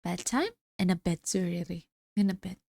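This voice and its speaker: A woman's voice: on the low side, moderate pace, creaky, darkish tone, no echo. A woman streamer chatting casually with viewers, reading their messages aloud and answering them, her voice a little worn. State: slightly losing her voice. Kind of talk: casual livestream chat reading.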